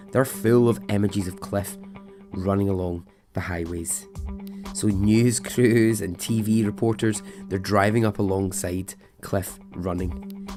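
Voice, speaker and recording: A man hosts a storytelling podcast, speaking in a fairly low voice. He talks slowly and unhurriedly, but stays animated and chatty, chuckling as he goes. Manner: animated, chatty, laughs at his own story. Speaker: podcast host. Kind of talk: casual storytelling.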